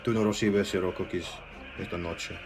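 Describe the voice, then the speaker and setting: A man's voice: low voice, fairly even intonation, a little fast, over music, close to an everyday voice. A man voicing a stern mother scolding her child. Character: scolding Spanish-speaking mother.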